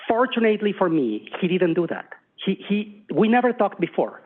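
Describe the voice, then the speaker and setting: Mexican-accented man telling stories onstage. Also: on the high side. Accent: Mexican Spanish. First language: Spanish. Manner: animated, acts out dialogue, frequent restarts. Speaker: conference speaker. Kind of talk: storytelling keynote talk. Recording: tinny phone-like lo-fi sound.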